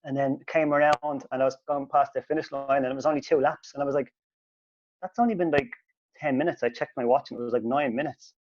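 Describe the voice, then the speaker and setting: Man, podcast host, animated sweary storyteller, mid pitch, dull recording. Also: fast talker, few pauses, no room sound. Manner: animated, sweary, voice jumps up when quoting himself. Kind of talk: casual storytelling.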